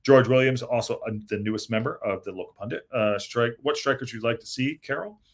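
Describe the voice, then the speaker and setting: A man's voice: medium pitch, fairly quick. A man hosting a casual live-stream podcast, reading the chat aloud and rambling with lots of fillers and restarts. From United States.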